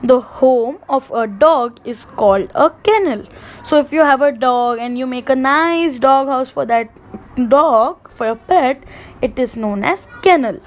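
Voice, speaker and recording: Woman, Indian English accent, teacher of young children, sing-song, high voice, slow delivery. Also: low-quality recording. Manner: slow, sing-song, mimics animal sounds for kids. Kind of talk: online class for young children.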